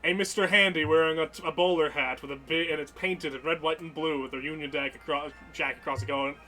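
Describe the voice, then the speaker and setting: A man narrating as game master of a tabletop role-playing game, a lively storyteller who laughs often. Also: fairly high pitch, fairly quick, soft background music.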